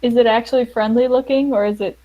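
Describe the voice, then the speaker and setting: A woman's voice: fairly high pitch, steady tone, fast talker, mellow, low-quality recording. A woman playing in a tabletop game, tentative and giggling between her turns. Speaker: player. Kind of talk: casual tabletop play.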